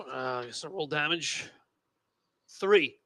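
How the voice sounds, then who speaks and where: A man at a tabletop game, counting his rolls aloud in a relaxed way. His voice is a touch high and gravelly with a bright edge, recorded close and dry. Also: takes it slowly, no echo. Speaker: player. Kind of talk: casual tabletop game talk.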